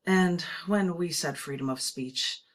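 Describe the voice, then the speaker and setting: A woman's voice: on the low side, measured pace. Woman playing the ghost of a founding father. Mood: preachy. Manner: casual, rambling, folksy. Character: ghost of a founding father, older man, chatty and blunt.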